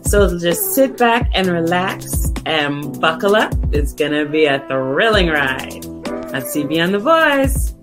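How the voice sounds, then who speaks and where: A woman opens a radio talk show with a hyped, showy welcome. She speaks slowly in a lowish voice. Guitar music plays clearly behind her. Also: sing-song. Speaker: show announcer. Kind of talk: show opening announcement.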